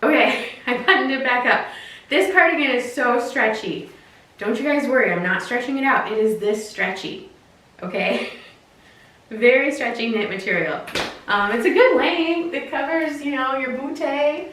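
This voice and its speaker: Woman, casual haul chat, giggly, high voice, far from mic, echoey room. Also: normal speed, fairly bright tone. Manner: chatty, giggly, lots of fillers. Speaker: fashion unboxing vlogger.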